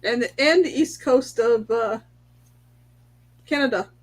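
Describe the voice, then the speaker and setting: A woman co-hosts a casual livestream with a somewhat high voice. She reads out viewers' names and guesses briskly. Her delivery is plain and matter-of-fact. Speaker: co-host reading viewer comments.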